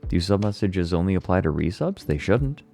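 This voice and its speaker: A man casually chatting with viewers on a livestream, laid-back, a little hoarse, swearing now and then. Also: deep voice, a little fast, soft background music. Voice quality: slightly hoarse relaxed voice.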